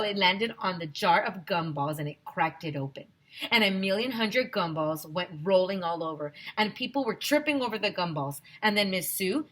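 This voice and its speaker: A woman's voice: mid-range voice, fairly bright tone. A woman teacher reading a children's chapter book aloud to young listeners, telling it expressively with many voices.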